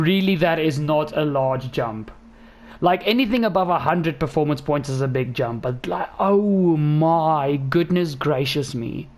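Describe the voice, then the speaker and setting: A man hosting a gaming channel, giving a casual racing game car review in an excitable, rambling way with lots of self-corrections. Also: high-pitched.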